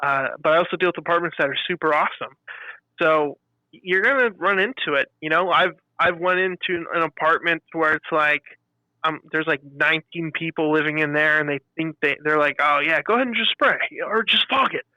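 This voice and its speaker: A man co-hosting a podcast, telling animated stories about customers in a casual chat and acting out their lines. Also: fairly high pitch, brisk, no echo, rough recording. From California. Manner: animated storyteller, acts out customer quotes. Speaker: podcast co-host.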